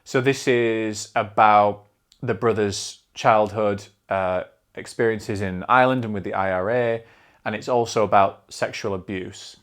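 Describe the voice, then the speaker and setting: A man's voice: on the low side, steady tone, unhurried. A man with a Northern English accent hosting a casual film review show, chatty and digressive, often restarting his sentences. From north of England.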